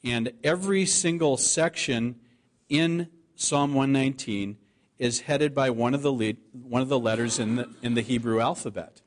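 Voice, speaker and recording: A man preaching a sermon, reading scripture aloud and slowing down to stress the key words. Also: mid-range voice. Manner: earnest preaching, slows to stress scripture quotes. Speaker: pastor.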